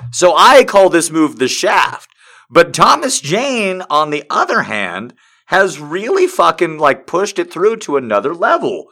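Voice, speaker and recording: A man hosting a comic reading of fan fiction, breaking off into crude, profane, excitable asides. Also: a little high, a little slow.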